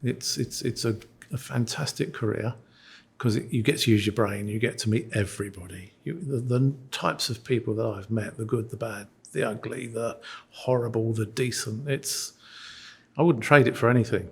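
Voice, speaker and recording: Gravelly, husky male barrister. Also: mid-range voice, normal speed. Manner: reflective, repeats words while thinking. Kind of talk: documentary interview.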